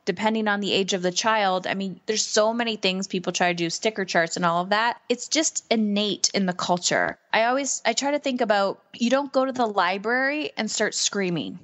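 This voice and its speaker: Woman, middle-aged, parenting coach, animated talker who acts out voices; average pitch. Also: moderate pace, few pauses. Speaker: podcast host and parenting coach. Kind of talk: casual conversational interview.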